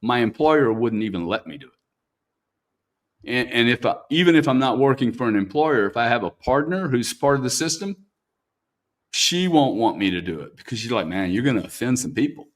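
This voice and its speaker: A man's voice: mid-range voice, animated, normal speed. Blunt, profane man talking openly. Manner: blunt, profane, keeps tagging "man" onto sentences. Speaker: interviewer. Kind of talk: candid interview talk.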